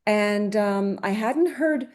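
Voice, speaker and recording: A woman's voice: mid-range voice, takes it slowly, darkish tone. A middle-aged woman from Greece, a voice actress telling stories in a casual interview, chatty with many restarts and fillers. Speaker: guest, voice actress.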